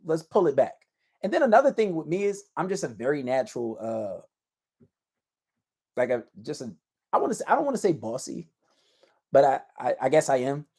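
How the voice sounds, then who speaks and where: A man's voice: on the high side, big pitch swings, moderate pace, long pauses, mellow, slightly rough. A man giving casual dating advice to camera in a blunt, self-assured, slangy lecturing manner.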